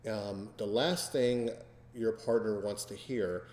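Low-voiced man in an echoey room. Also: darkish tone. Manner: slow, deliberate, many fillers. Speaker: podcast host. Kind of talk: casual chat. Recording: echoey room with long reverb.

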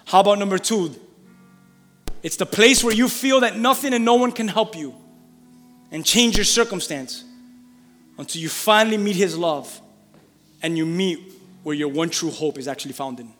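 Pastor, male, high voice, lively sermon delivery with call-and-response, church hall reverb. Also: moderate pace, long pauses, soft background music. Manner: lively, calls for congregation responses, reads scripture aloud.

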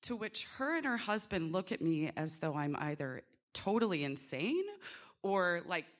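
A woman working as a doula, telling a lively true story with swearing, acting out the people she quotes. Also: on the low side, normal speed. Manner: animated, swearing, acts out quotes. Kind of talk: live storytelling.

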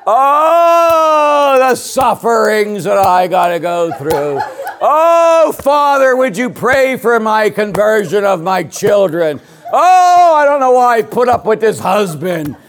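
A man's voice: sits high, very animated, slow pace, fairly bright tone, pitched above the performer's own voice, full character voice. A man putting on a wailing, self-pitying churchgoing woman. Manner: wailing, melodramatic sighs.

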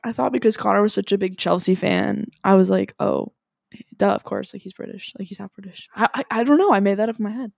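A young adult woman co-hosting a podcast, chatting casually and telling stories with animated pitch jumps. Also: quick pace, vocal fry, no room sound, clean studio sound. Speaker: podcast co-host. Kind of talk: casual chat.

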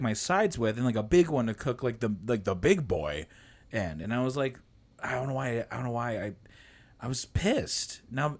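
Laughing, rambling male podcast host. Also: medium pitch. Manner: rambling storyteller, swears and laughs a lot. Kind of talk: casual podcast chat.

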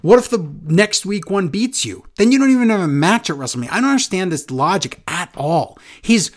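A man's voice: sits high, big pitch swings, a little fast. A man co-hosting a casual wrestling podcast, talking in a sarcastic, exasperated way. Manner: sarcastic, exasperated, mocking impressions. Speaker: podcast co-host.

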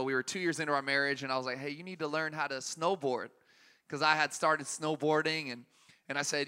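Male preacher, 30s, high bright voice, easygoing anecdotal sermon, reverberant hall. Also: smooth. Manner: relaxed anecdotal, laughing at his own story.

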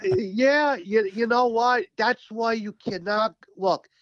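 Man, high voice, animated and cursing, union rep storytelling, dry dull lo-fi sound. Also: slow pace, no echo. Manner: animated, profane, emphatic. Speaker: union representative. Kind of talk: casual storytelling interview.

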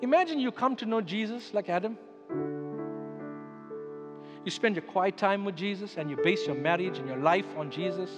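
A man's voice: high-pitched, normal speed, pauses often, lo-fi sound. A man, a pastor, preaching a sermon with emphatic storytelling. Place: church sanctuary. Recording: echoey church hall with music underneath.

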